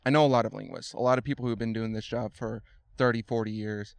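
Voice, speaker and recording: A man talking as a podcast guest, explaining things thoughtfully and slowly, with many fillers and restarts. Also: lowish voice, steady tone, clean tone, dry recording. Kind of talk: casual conversation.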